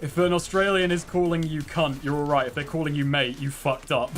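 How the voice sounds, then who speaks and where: Guy rambling over a let's play, slightly high voice, keeps laughing at himself. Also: fairly even intonation, fairly quick, fairly bright tone, soft background music. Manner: rambling, self-deprecating, laughs at own stories. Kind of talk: casual chat over gameplay.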